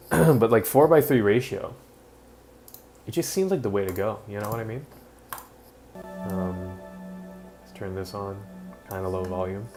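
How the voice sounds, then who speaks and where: A man live-streaming casually from home, mumbling while adjusting his audio settings, his throat rough enough that he keeps clearing it. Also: fairly low pitch, measured pace, pauses often, over music. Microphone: built-in webcam or laptop mic.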